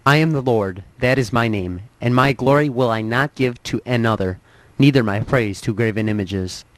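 A man's voice: medium pitch, normal speed, no room sound, low-quality recording. Man reading scripture in a dry room. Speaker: scripture reader.

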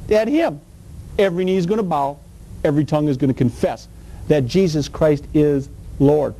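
Folksy high-voiced male preacher. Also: dark tone, poor audio. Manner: folksy, emphatic, colloquial. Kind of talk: sermon.

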